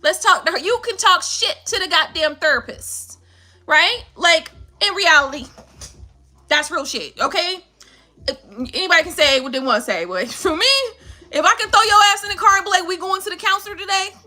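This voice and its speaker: A woman chats loosely during a live tarot reading. She is profane and quick to laugh. Her voice sits high and swings widely in pitch. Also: lively intonation, sharp tone. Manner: blunt, profane and laughing often. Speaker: tarot reader on a live stream. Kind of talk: casual live-stream chat.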